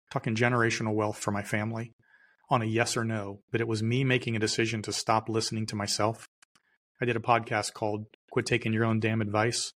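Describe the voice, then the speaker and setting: Middle-aged guy on a podcast, lowish voice, punchy, keeps repeating himself for emphasis. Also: fairly bright tone. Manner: emphatic, repeats key phrases. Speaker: guest entrepreneur. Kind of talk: storytelling interview answer.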